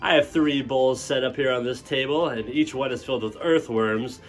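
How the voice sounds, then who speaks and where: A man's voice: mid-range voice, normal speed, faint music behind, natural voice. A man playing a smug, mocking game show host. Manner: showman announcer, mocking.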